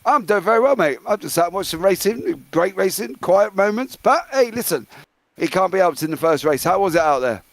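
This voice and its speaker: A man's voice: sits high, very animated, a little fast, dry recording. A man hosting a sim racing broadcast, chatting casually with a winning driver in the booth and calling him mate. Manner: chatty, matey, calls guest mate and brother. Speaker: sim racing commentator interviewing winners.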